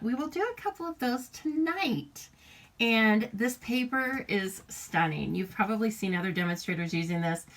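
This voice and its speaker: A woman's voice: on the low side, fairly bright tone. A woman chatting her way through a live papercraft demonstration, greeting viewers by name and laughing often. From United States. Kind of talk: casual live craft demonstration.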